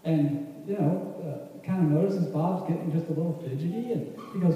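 A man's voice: a little high, fairly quick, hardly any pauses, dull audio. A man giving a folksy, rambling teaching talk to a room, full of restarts. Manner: casual, rambling, many restarts. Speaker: church class speaker. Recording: echoey hall from far off.

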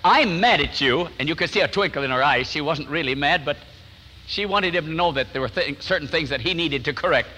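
A man's voice: fairly high pitch, quick pace, in a large hall, slight background noise, low-quality recording. An older man preaching a sermon in a church sanctuary, telling stories and acting out what people said. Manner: warm storytelling, acts out quotes, chuckles often. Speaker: pastor.

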